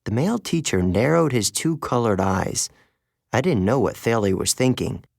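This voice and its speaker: A man's voice: mid-range voice, animated, normal speed, gravelly, darkish tone, no echo. A man narrating an audiobook in the first person, wry and conversational, close to a studio mic.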